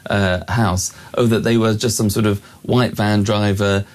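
A man co-hosting a talk radio show, measured and a bit hesitant. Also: fairly low pitch, level tone. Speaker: radio co-host.

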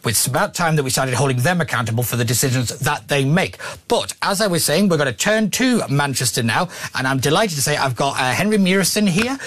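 A man's voice: fairly high pitch, lively intonation, a little fast, hardly any pauses, a bit bright. A man hosting a talk radio show, chatting in an opinionated way, reading listener texts and often restarting his sentences. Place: broadcast studio.

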